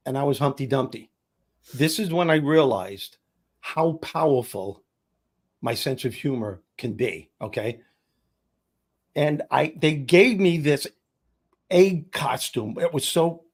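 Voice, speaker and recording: Animated comic storyteller, a man. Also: fairly high pitch, slightly rough. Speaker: guest comedian and speaker. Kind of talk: storytelling in casual chat.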